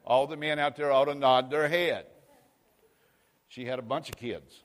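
A male preacher, rousing his congregation with call-and-response amens. He drops to a hushed murmur, then surges back loud. His voice sits at an ordinary male pitch and rings through a long hall reverb. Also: steady tone, a little slow. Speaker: pastor. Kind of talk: sermon.

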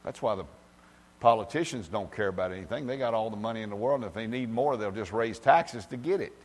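Folksy preacher in a reverberant hall. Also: male voice, fast talker. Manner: folksy, talks directly to congregation members by name; swings from loud emphasis to low asides. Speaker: pastor. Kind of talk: informal sermon. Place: church.

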